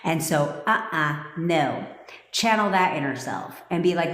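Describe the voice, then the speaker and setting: A woman's voice: lowish voice, lively intonation, measured pace. A woman manifestation coach talking on a livestream in a blunt, profane, commanding way. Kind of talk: livestream talk to viewers. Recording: echoey room with long reverb.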